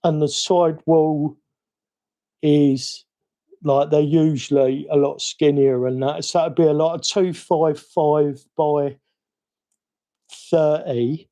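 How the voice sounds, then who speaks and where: A man's voice: on the high side, steady tone, takes it slowly, warm tone. A man with a Cockney accent chatting casually and rambling with self-mocking asides during a live stream. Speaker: hobby livestream host. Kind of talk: casual live-stream chat while working.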